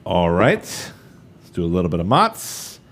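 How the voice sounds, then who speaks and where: A man's voice: low voice, huge pitch swings, measured pace, a bit bright, slight background noise. A man in his thirties leading a live cooking demonstration, chatty and upbeat, talking straight to the viewers as he works. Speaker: cooking instructor.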